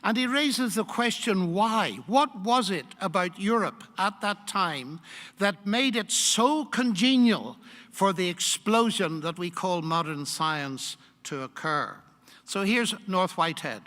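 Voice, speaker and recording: A man's voice: high-pitched, expressive, fairly bright tone. Older man lecturing in an echoey hall. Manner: emphatic, measured, argumentative. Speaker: guest lecturer. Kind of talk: public lecture.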